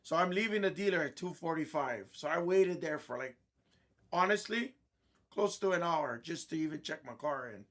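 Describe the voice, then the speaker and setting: A man, a host of a card-breaking stream, telling a blunt, irritated story in casual chat, clearing his throat often. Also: fairly high pitch, lively intonation, moderate pace, a bit bright.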